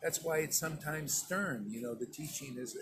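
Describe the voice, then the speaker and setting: A man's voice: fairly high pitch, normal speed, background noise. Stern, emphatic preaching man. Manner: emphatic and stern, conversational, with repeated "see?" and "man". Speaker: spiritual teacher. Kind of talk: informal sermon to disciples.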